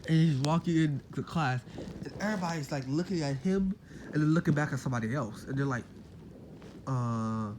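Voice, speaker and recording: A man's voice: fairly high pitch, fast, background noise. A man casually retelling a made-up story, rambling with lots of fillers and self-corrections.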